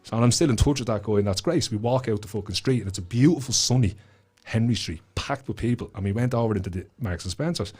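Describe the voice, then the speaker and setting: This Dublin-accented guest author has a lowish, husky, darkish voice and a quick pace. He tells his story with real animation, cursing freely and doing the voices of the people he describes.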